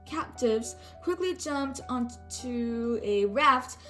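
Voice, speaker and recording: A woman's voice: fairly high pitch, expressive, slow, sharp tone, soft background music, low-quality recording. A woman reading a picture book aloud with a sore throat, often stumbling and rereading words. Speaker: storybook reader.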